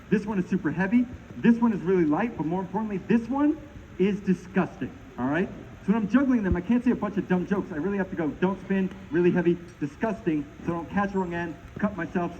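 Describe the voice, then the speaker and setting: A middle-aged man from Maine doing a live comedy juggling show outdoors, bantering and joking with the crowd. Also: high-pitched. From Maine, USA. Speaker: juggling performer. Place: outdoors at a pond. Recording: muffled outdoor recording with loud background noise.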